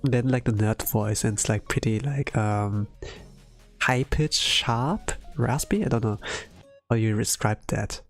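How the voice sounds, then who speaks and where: An art streamer chats casually while drawing on his livestream, rambling and leaning heavily on "like" and "um." His medium-pitched voice moves a little slowly, with faint music in the background.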